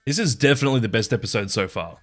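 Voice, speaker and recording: A man's voice: on the low side, expressive, very fast, a bit bright, no echo, faint music behind. A man giving a casual, opinionated episode-by-episode review, chatty and sometimes swearing. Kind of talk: casual commentary ranking episodes.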